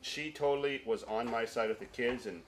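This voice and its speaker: A man giving an interview, speaking in an aggrieved, halting way with many restarts. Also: medium pitch. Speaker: documentary interviewee. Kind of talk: interview talk.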